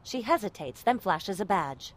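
A woman calmly narrating scene description for a drama. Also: mid-range voice, moderate pace. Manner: calm, even-paced scene description. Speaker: audio describer. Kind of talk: scripted narration.

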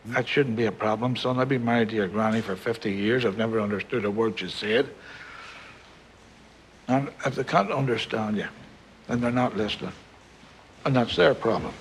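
An actor playing an older grandfather from Belfast, telling stories with dry humour and gentle warmth. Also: on the low side, moderate pace, long pauses, a little hiss or hum, natural voice. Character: wry, warm-hearted old Belfast grandfather.

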